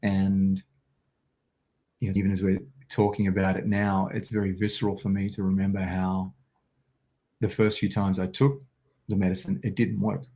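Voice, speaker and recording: A man's voice: deep voice, level tone, moderate pace, pauses often, dark tone. An Australian man telling a personal story as an interview guest, vivid and intense, acting out quotes.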